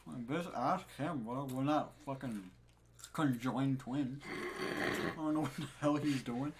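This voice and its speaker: A man's voice: mid-range voice, moderate pace. A young man co-hosting a podcast, telling a story about his retail job in a casual, profane, laughing way. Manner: profane, laughing, animated retelling. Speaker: podcast co-host. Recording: faint background noise.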